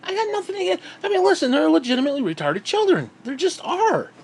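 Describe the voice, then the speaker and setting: A man's voice: extremely high pitch, huge pitch swings, quick pace, darkish tone. A man vlogging in a heated, sarcastic rant, swearing constantly. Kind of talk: profane ranting monologue.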